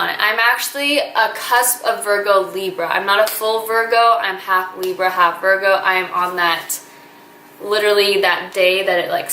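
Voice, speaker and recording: Chatty woman in her twenties, bright. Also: mid-range voice. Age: 20s. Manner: chatty and earnest, gushing with fillers. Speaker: vlogger. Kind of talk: casual talking-to-camera vlog. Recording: echoey room with faint ambient noise.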